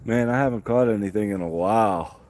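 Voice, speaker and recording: A man chatting casually on a fishing livestream from a small boat, relaxed and rambling with frequent chuckles. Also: fairly low pitch, brisk, low-quality recording. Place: small boat on a lake outdoors. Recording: wind noise on the mic. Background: wind and water.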